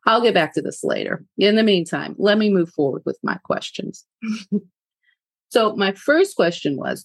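Animated woman hosting a podcast, low voice. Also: husky, no room sound. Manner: frank, animated, laughs often. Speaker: podcast host. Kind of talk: candid personal storytelling.

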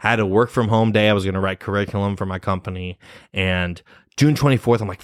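A man's voice: on the low side, quick pace, clear, resonant tone, no room sound, clean studio sound. A young man telling a personal story in a rambling, casual way, cursing often and laughing nervously. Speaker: vlogger.

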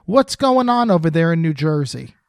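A man hosting a podcast in casual chat, chatty and animated. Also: a little high, moderate pace, no room sound, clean studio sound. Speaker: podcast host.

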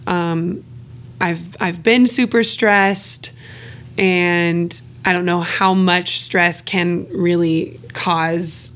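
A woman's voice: on the low side, fairly even intonation, extremely slow, a bit bright. Candid woman chatting on a podcast. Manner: open and chatty, swears often, laughs between phrases. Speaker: podcast co-host. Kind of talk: candid casual podcast chat.

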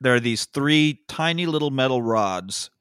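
Male podcast co-host, mid-pitched, easygoing storyteller, swears freely, dry close sound. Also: lively intonation, moderate pace, a bit bright, clean tone, no room sound. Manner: laid-back storytelling with profanity and frequent laughs. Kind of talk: casual movie recap chat.

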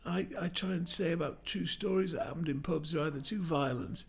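An older man, a comedian telling rambling pub anecdotes and old gags in casual chat, slipping into quick character voices. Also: fairly high pitch, creaky, slightly rough. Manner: rambling joke-telling storyteller with quick impressions. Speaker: comedian guest.

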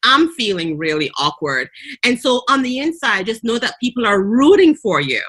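A woman's voice: on the high side, very animated, moderate pace, pushed and bright, husky. A woman with a Jamaican accent hosting an interview, coaching and encouraging her guest. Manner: encouraging, coaching, often ends with "right?". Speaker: host, coach. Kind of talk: casual interview chat.

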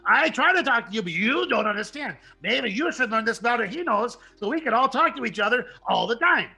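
A man voicing a giant, excitable male dire wolf who rambles and repeats himself in a tabletop game. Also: sits high, normal speed, vocal fry, slightly rough, full character voice. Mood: indignant.

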